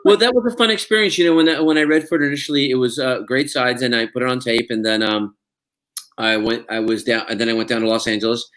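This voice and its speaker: A man's voice: mid-range voice, fairly even intonation, quick pace, a bit bright. A man, an actor guest in an interview, chatting casually with plenty of fillers and restarts and frequent laughs. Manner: rambling, many fillers and restarts, laughs often.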